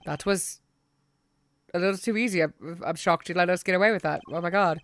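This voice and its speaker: A woman's voice: lowish voice, a little fast, soft background music. A woman streamer giving blunt, casual commentary while playing a game, swearing freely.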